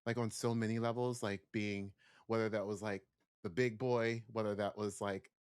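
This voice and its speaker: A man's voice: lowish voice, flat delivery, normal speed, clean tone. A man, a stage performer, answering interview questions thoughtfully from his dressing room, searching for words with many "like" fillers. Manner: searching, heavy use of "like" fillers.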